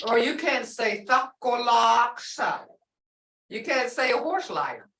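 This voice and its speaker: A woman's voice: mid-range voice, a bit bright. A woman teaching a language class, patiently explaining and repeating example words. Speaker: language instructor. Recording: roomy sound from a distant mic.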